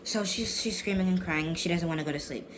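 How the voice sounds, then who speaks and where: A man's voice: fairly high pitch, brisk. Young male vlogger, rambling slangy storyteller, constant background noise. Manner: rambling, slangy, repeats and restarts himself. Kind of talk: casual storytelling vlog.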